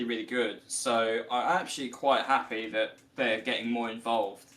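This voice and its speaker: A man's voice: mid-range voice, flat delivery, moderate pace, a bit bright. A young man giving chatty, analytical play-by-play in a live esports broadcast on a headset. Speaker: esports caster.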